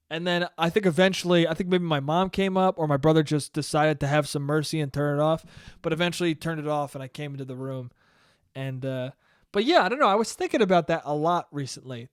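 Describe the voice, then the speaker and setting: Brief: young male podcaster, smooth clear voice, rambling and sweary, telling stories to himself. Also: fairly high pitch, no room sound, clean studio sound. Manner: rambling, profane, jokey, with many restarts. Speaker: podcast host. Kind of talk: solo podcast monologue.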